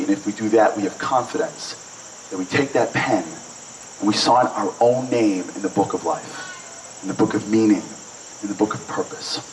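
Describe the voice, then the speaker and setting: A man giving a passionate motivational talk at a breakfast event, building to emphatic peaks and acting out little dialogues. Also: lowish voice. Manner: passionate, rising and falling with emphasis, acts out dialogue. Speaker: inspirational speaker. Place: event hall. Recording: distant mic with faint noise.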